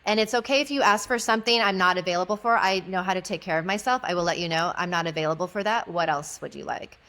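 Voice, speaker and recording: A woman's voice: on the low side, quick pace. A woman guest, an intimacy educator, telling a story in conversation and acting out the dialogue in it. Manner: animated, acts out quoted dialogue.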